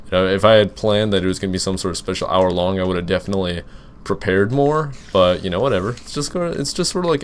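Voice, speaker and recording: A young gaming YouTuber rambles through viewer questions while playing, in casual Let's Play commentary full of fillers and restarts. He talks fast in a low-pitched voice, with a little hiss or hum in the recording.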